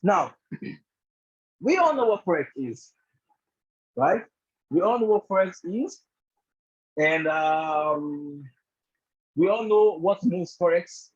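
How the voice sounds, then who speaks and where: High, husky-voiced man teaching trading. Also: lively intonation, takes it slowly, pauses often, highs cut off. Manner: repeatedly checks in with "do you understand?" and "right?"; leans heavily on "actually" and "all of that". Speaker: trading instructor. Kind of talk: online bootcamp lesson on a group call.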